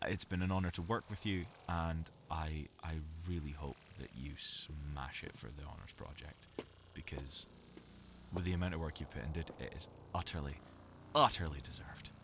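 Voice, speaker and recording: A man's voice: very deep voice, fairly even intonation, moderate pace, a bit bright, a little hiss or hum. A young Scottish man, a voice actor, rambling about himself in a self-mocking, chatty way while recording in a small cupboard booth. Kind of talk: recorded game dialogue, rambling monologue.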